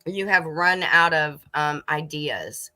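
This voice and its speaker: A middle-aged woman chats casually on a homestead livestream from her kitchen. Her voice sits on the low side yet sounds bright and forward. She talks easily to viewers, laughing and snacking as she goes. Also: lively intonation, slow. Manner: chatty, laughs and munches while talking to viewers.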